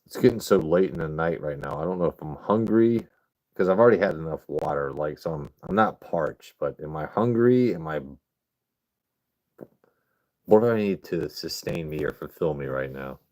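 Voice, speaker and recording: A man's voice: very deep voice, lively intonation, normal speed, darkish tone. A man hosting a casual livestream, rambling and swearing as he chats with his viewers. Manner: rambling, profane, chatting with viewers. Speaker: livestream host.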